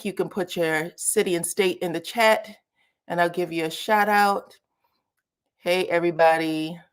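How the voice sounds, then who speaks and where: A woman with a slightly low voice hosts a relaxed livestream chat. She greets viewers by name and says y'all in an easy, talkative way. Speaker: YouTube commentary host.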